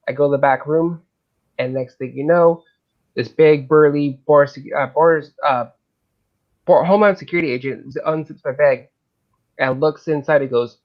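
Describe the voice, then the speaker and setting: A man's voice: a little high, moderate pace, lo-fi sound. A Canadian man telling a funny travel story in a casual panel chat.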